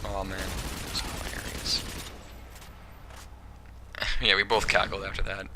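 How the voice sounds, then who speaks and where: A man's voice: deep voice, flat delivery, measured pace, bright, forceful tone. A young man giving casual, rambling gameplay commentary, joking and giggling as he goes. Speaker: gaming commentator.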